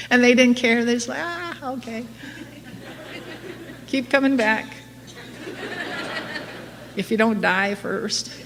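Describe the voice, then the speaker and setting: Before a live audience in a meeting hall, a middle-aged AA speaker candidly recounts her recovery, laughing often and making fun of herself. Her fairly high voice takes it slowly with frequent pauses, a faint crowd can be heard, and the recording has long reverb and faint noise.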